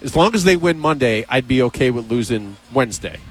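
Brief: male sports talk host, mid-pitched, excitable and jokey, casual studio chat. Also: fairly quick, breathy edge. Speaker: radio show host.

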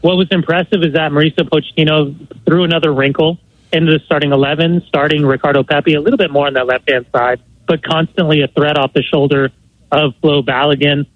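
A man's voice: fairly high pitch, fairly even intonation, brisk, no echo. A male soccer analyst talks through the match fluently and articulately. His slightly raised voice comes through a tinny, phone-like line with a dry sound. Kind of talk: sports analysis.

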